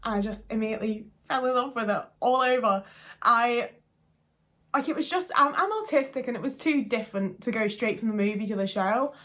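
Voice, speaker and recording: A woman's voice: a little high, fairly quick, fairly bright tone. Gushing woman vlogging. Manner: gushing, rambling, casually swears. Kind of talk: casual chat to camera.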